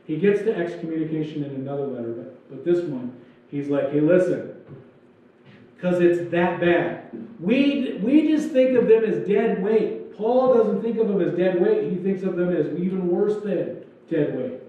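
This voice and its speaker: A man's voice: high-pitched, normal speed. A man preaching a sermon as pastor, in a loose, joking style with acted-out asides. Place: church sanctuary. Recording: echoey church hall, distant dull mic.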